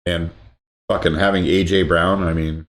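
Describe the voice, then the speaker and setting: A laid-back man with a low voice chats about sports on a podcast. He gives his opinions freely and swears casually. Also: little pitch movement, normal speed. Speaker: podcast co-host.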